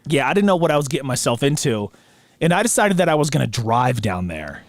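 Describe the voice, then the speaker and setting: Man, podcast host, laid-back story, slangy talk, mid pitch, dry sound. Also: fast talker, dry recording. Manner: relaxed, slangy, says dude and bro. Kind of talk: casual storytelling chat.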